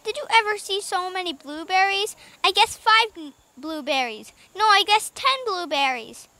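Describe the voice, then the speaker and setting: A woman voicing an eager, excited little boy in a storybook read-aloud. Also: high-pitched, moderate pace, no room sound, exaggerated voice. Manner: excited, wondering child talk.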